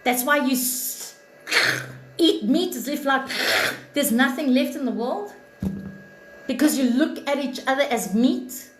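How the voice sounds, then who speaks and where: A woman's voice: high voice, lively intonation, a little slow, pauses often. A woman hosting a livestream, talking in an impassioned, blunt and profane way, preaching self-love and thanking viewers. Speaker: live stream host, spiritual reader. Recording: echoey room with faint noise.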